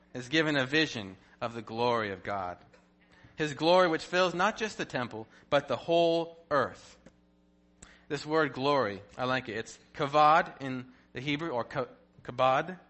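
A man giving a devotional Bible teaching, animated and playful, full of rhetorical questions and jokes. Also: mid-range voice, unhurried.

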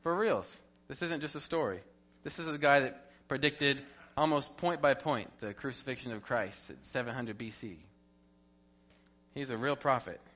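A man giving a devotional Bible teaching, animated and playful, full of rhetorical questions and jokes. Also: medium pitch, normal speed.

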